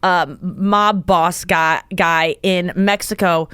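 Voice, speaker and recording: A woman's voice: lowish voice, slow pace, clear, resonant tone, no echo, studio quality. A woman in her forties hosting a podcast, chatting casually and telling stories with laughs. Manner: animated, laughing storyteller. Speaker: podcast host. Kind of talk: casual chat.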